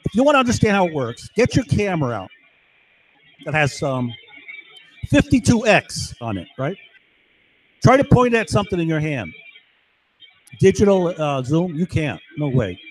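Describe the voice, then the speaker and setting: A man's voice: fairly high pitch, big pitch swings, normal speed, pauses often, breathy edge, low-quality recording. A man talking in an agitated, rambling monologue while recording himself at his computer, again and again asking his listener "right?". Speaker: video blogger.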